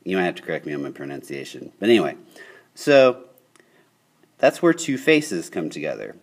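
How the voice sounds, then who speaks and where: A man's voice: low voice, sing-song, moderate pace. A young man teaching a geometry lesson on video, upbeat and checking in with his students often. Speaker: high school geometry teacher.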